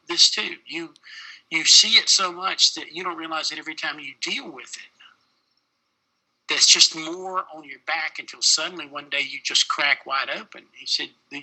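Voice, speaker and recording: A man's voice: a little high, steady tone, moderate pace, sharp tone, rough recording. A middle-aged man, a paramedic, telling a personal story in an interview, plain-spoken with many fillers.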